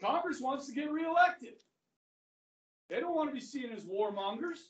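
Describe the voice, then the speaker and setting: A man's voice: extremely high pitch, expressive, normal speed, highs cut off, a little hiss or hum. Man lecturing in a roomy classroom. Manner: conversational, asks the class questions, acts out quotes. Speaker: history teacher. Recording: roomy classroom audio from far off.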